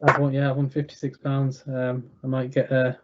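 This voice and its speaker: A young man giving betting tips over a video call, thinking aloud in a halting way with many fillers and restarts. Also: medium pitch, completely flat delivery, muffled recording. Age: young adult. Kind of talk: thinking aloud while clicking through a screen.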